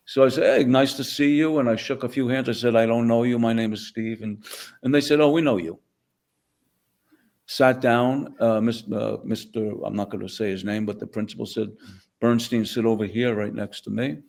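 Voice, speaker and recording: A man, a guest on a podcast telling a story from his own life. He speaks at a middle pitch for a man. He acts out the lines of everyone in the story as he tells it. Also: vocal fry, a little mellow. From the Bronx, New York. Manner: vivid storyteller acting out dialogue. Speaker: guest, former teacher. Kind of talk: conversational storytelling.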